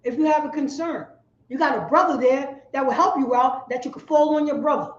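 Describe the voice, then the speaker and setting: A man leads a Bible class in a high voice, driving each point home by saying it twice. The sound is dull and lo-fi, and the room rings with echo. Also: brisk. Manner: forceful, preachy, repeats lines for emphasis. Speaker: class teacher.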